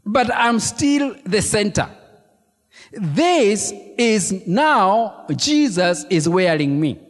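Lively preacher in a big echoing hall. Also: male voice, sits high, extremely slow. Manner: animated preaching with emphatic repetition and congregation questions. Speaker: pastor. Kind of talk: sermon. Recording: long reverb of a large hall.

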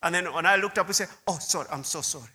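A man's voice: fairly high pitch, fast, pushed and bright. A man preaching a sermon testimony, telling his story with repeated words and asides to the listeners. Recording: long hall reverb.

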